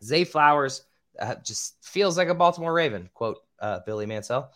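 A man hosting a casual podcast who stumbles over names and swears now and then, with a voice he calls squeaky. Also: expressive, moderate pace, fairly bright tone. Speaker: podcast host.

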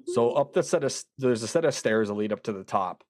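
A man casually telling a long story, animated and quoting himself often with words like "dude". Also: mid-range voice, quick pace, dry recording, clean studio sound. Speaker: podcast guest.

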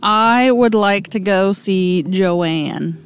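A woman's voice: medium pitch, drawn-out words, smooth. A woman playing in a tabletop role-playing game, answering hesitantly and often laughing. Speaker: player.

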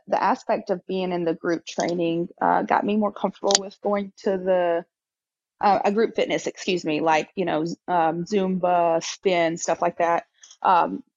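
A woman in her thirties speaks in a candid interview conversation, her voice sitting a little low. She talks haltingly, full of fillers and restarts. The sound is dry and slightly dull, like remote call audio. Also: no room sound. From Texas. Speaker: podcast guest.

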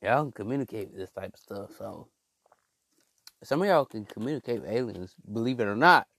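Animated, stammering man talking to viewers. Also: fairly low pitch, fairly quick, no echo. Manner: stammering, animated, slangy, addresses listeners as y'all and bro. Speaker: vlogger. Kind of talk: casual monologue.

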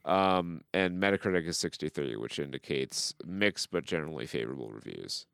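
A man's voice: extremely low pitch, big pitch swings, a little fast, creaky, fairly bright tone, clean tone, no room sound, studio quality. A man hosting a podcast in casual chat, joking and reading reviews aloud with dramatic flair. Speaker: podcast host.

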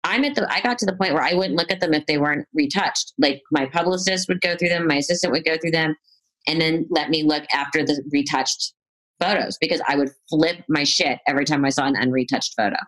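Candid, lower-voiced woman chatting. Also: brisk, rough recording. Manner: candid, self-critical, animated storytelling. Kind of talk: casual chat.

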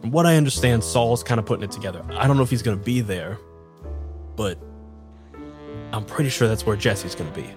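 A man narrating a tabletop role-playing game as game master, describing scenes calmly. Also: fairly low pitch, brisk, pauses often, over music.

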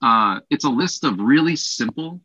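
A man co-hosting a casual teaching podcast, explaining with emphatic, quickly acted classroom examples. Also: mid-range voice, expressive, pushed and bright, slightly rough, dull audio. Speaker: podcast co-host, English teacher.

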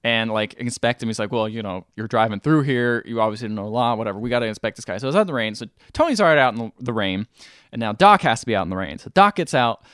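A man's voice: medium pitch, lively intonation, fast talker, fairly bright tone, clear, resonant tone, no room sound. Podcast host, male, mid-range voice, dry close sound, casual recap that slips into character quotes. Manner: retells scenes by acting out the characters' lines.

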